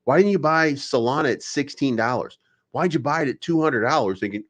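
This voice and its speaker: A young adult man hosts an energetic daily crypto show, delivering a fairly quick, animated monologue in a mid-range voice. He rants sarcastically and mocks viewers using whiny put-on voices.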